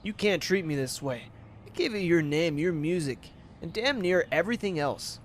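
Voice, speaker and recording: A man's voice: on the high side, expressive, moderate pace, slight background noise, lightly acted. A man voicing a frightened teenage girl singer, pleading and fearful as he reads game dialogue aloud. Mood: upset.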